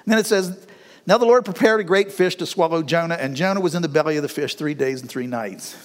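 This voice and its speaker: A middle-aged man preaching a sermon in a folksy, animated way, with laughs between his lines. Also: a little high, fast, long reverb tail. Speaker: pastor.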